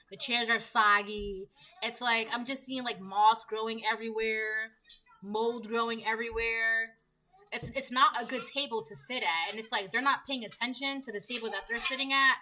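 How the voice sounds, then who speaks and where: A woman giving a casual tarot reading, chatty and rambling, slipping into quick voiced asides. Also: a little high, pushed and bright, rough recording. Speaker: tarot reader.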